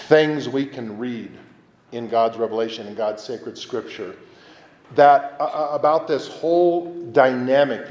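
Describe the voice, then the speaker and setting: Conversational priest in an echoey church. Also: male voice, mid-range voice. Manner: conversational, animated, acts out quoted voices. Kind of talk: homily.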